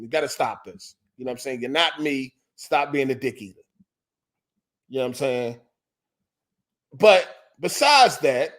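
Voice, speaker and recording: A man's voice: high voice, a bit bright. A man hosting a podcast, ranting in a heated, profane and repetitive way. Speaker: podcast host. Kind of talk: ranting solo podcast monologue.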